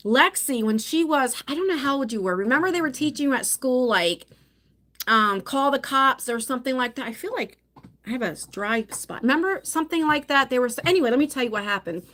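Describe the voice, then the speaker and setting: A woman's voice: high voice, animated, a little fast, fairly bright tone. Chatty middle-aged woman on a phone stream. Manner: chatty storyteller with many restarts. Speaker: vlogger. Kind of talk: casual live-stream chat.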